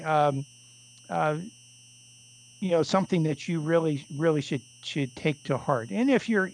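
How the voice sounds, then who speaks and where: Male radio show host, fairly high voice, loose rambling delivery full of fillers. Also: rough recording. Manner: rambling, many restarts and fillers. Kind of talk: casual call-in radio talk.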